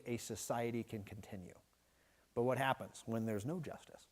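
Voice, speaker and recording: A man preaching a midweek Bible study sermon, teaching in a conversational way that is often broken by restarts and quick "right?" checks. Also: mid-range voice. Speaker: pastor. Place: church.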